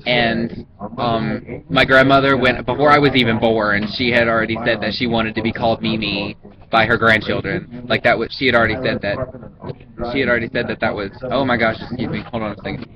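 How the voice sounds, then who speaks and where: A man's voice: mid-range voice, flat delivery, a little fast, highs cut off, crowd noise. A man with a Southern US accent, rambling casually through an accent-challenge vlog with many ums and restarts. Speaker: vlogger.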